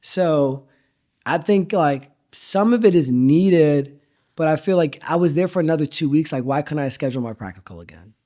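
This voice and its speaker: Guesting in a relaxed interview, this middle-aged man, a chef who owns a restaurant, spins animated stories, performing the quotes and cursing liberally. His pitch is on the high side and his pace moderate.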